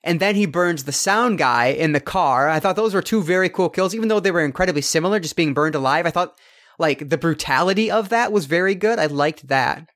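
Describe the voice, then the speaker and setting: A man's voice: on the high side, animated, brisk, fairly bright tone. Rambling, profane man hosting a film chat. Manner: profane, laughing, loose and rambling. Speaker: podcast host. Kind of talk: casual movie review chat.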